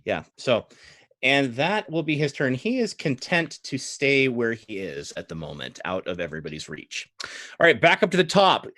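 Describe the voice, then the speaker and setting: A man narrates and referees a tabletop game as dungeon master, relaxed and easily amused. His voice is bright and forward, recorded very dry and close. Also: medium pitch, normal speed, no room sound. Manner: relaxed, guiding, laughs often.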